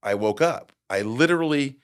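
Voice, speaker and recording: A middle-aged man telling a personal story in a podcast interview, acting out quotes and getting loud at the big moments. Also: mid-range voice, moderate pace, clear, resonant tone. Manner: animated storyteller, acts out quotes with big jumps in loudness. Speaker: guest.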